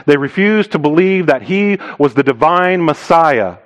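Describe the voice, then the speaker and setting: Emphatic, animated preaching man. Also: unhurried, hardly any pauses, poor audio. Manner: emphatic, swinging between loud stressed phrases and low quiet asides; rhetorical questions to the congregation. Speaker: missionary preacher. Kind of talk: sermon.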